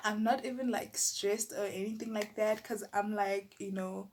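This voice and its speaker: A young woman from South Africa with a South African accent, telling a personal story in a lively, chatty way full of filler words. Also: mid-range voice, normal speed, slight background noise. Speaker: YouTuber. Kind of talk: casual storytelling.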